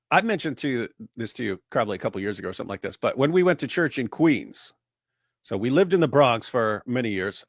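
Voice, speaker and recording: A man's voice: mid-range voice, no room sound, studio quality. A man chatting casually on a livestream, telling rambling anecdotes with lots of filler words. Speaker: co-host.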